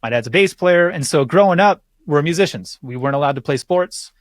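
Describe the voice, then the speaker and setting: A man chatting casually as a podcast guest, telling animated stories and swearing freely. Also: on the high side, fairly quick, no echo, clean studio sound. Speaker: guest bass teacher.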